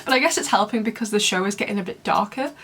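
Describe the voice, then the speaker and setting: A woman's voice: mid-range voice, quick pace, fairly bright tone, slightly rough. A young woman chatting casually to camera, bubbly and rambling, laughing often. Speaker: YouTuber reviewing fan memes.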